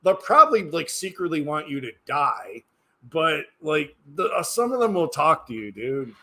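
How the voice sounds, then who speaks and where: A man's voice: a little high, very animated, unhurried, pushed and bright. A tired man chatting casually on a livestream, rambling and hesitant, often trailing off into mumbles. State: tired, yawning. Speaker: livestreamer reading chat.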